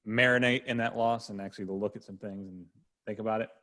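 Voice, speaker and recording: A man with a lowish voice co-hosting a casual sports podcast. He throws in dry one-liners, then steers the group into the next topic. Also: steady tone, fast, pushed and bright. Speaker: podcast co-host.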